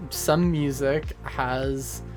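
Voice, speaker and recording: Slow, goofy streamer rambling to chat. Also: medium pitch, steady tone, over music. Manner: goofy, rambling, with lots of fillers. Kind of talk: casual livestream chat.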